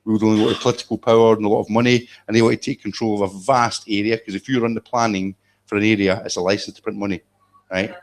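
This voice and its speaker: A man's voice: on the low side, flat delivery, fast talker. A man giving a live lecture-style talk at an event, blunt and emphatic with profane asides. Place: event room with an audience.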